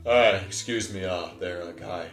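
A man trades offhand, deadpan improv lines in a lowish voice. The room echoes and faint music runs behind him. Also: a little slow. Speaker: improv performer. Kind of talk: improv comedy.

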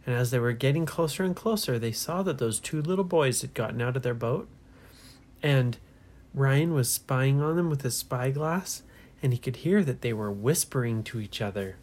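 A woman making up a bedtime story for children, hushed at times and asking the listener questions. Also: extremely low pitch, expressive, normal speed.

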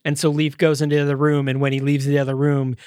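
A man's voice: fairly high pitch, monotone, fast talker, darkish tone, no echo, clean studio sound. A man co-hosting a podcast, casually reviewing a movie and animatedly retelling scenes while acting out the characters' lines. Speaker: podcast co-host.

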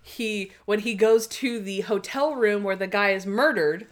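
A woman co-hosting a podcast chats casually about a TV episode she watched, her voice at an ordinary middle pitch for a woman and her pace measured. She recaps it in an animated way, using "like" often and acting out bits of the scenes.

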